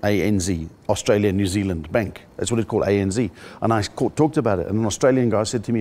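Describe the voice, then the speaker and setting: South African comedian telling stories, lower voice. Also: male voice, quick pace, few pauses. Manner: animated storyteller who acts out other people's voices. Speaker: comedian interviewee. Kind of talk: casual interview chat.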